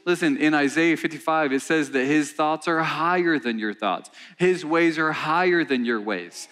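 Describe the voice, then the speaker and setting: A male pastor preaching a sermon in a church, animated and conversational, repeating himself and calling out to his congregation. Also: fairly high pitch, moderate pace. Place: church sanctuary.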